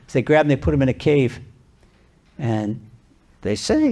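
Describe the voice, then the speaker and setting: A rabbi preaching and spinning a parable, with an animated, conversational delivery full of restarts. His voice is gravelly and sits fairly high for a man. He speaks to a live audience. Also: normal speed, pauses often. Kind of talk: sermon with parable storytelling. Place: lecture venue.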